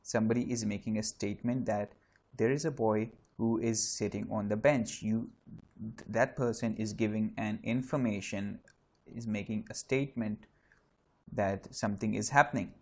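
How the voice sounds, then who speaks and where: A man's voice: lowish voice, steady tone, normal speed, darkish tone. A man explaining English grammar step by step in an online lesson, with frequent restarts and fillers. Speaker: English teacher.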